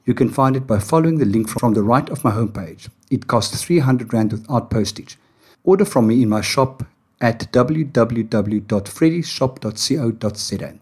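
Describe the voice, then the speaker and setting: He's a Johannesburg podcast host, an Afrikaans speaker from South Africa, with a husky, darkish, medium-pitched voice that's animated yet moderately paced. His interview with a guest is chatty, full of stories, and self-deprecating.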